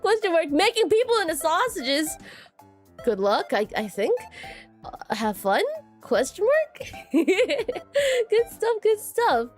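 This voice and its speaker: A woman's voice: very high-pitched, very animated, slow, long pauses, faint music behind. A woman streaming as a VTuber, chatting casually with viewers, giggly and full of filler words and repeated phrases. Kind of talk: casual livestream chat with viewers.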